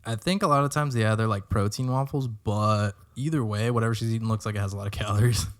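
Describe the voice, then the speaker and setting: A man's voice: fairly low pitch, fairly even intonation, fast talker. A man co-hosting a casual podcast, talking in a laid-back way with lots of filler words and casual swearing. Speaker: podcast co-host. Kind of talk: casual chat.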